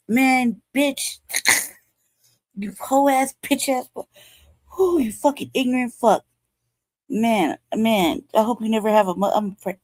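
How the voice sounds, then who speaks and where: A woman's voice: medium pitch, a little mellow, no echo. A woman in her forties co-hosting, reacting with blunt, profane outrage in heated commentary. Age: 40s. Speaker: co-host.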